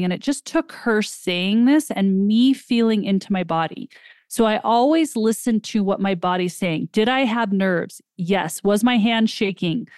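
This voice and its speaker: Woman host, smooth clear voice, dry close sound, animated storytelling with acted-out quotes. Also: mid-range voice, no room sound. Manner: animated retelling, acts out quoted dialogue. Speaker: podcast host. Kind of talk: personal storytelling.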